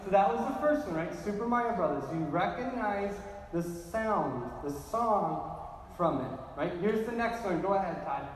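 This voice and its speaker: A man's voice: high-pitched, lively intonation, normal speed, background noise. A man preaching a sermon as pastor, in a chatty style that keeps checking in with "right?". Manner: conversational, keeps asking "right?". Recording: echoey hall, distant mic.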